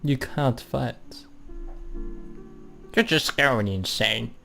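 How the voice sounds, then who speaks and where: Cold, mocking girl apparitions from a visual novel, voiced by a man reading the game aloud. They taunt slowly and accusingly, dragging out every charge, in a slow, deliberate delivery. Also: mid-range voice, gravelly, bright, forceful tone, soft background music, full character voice.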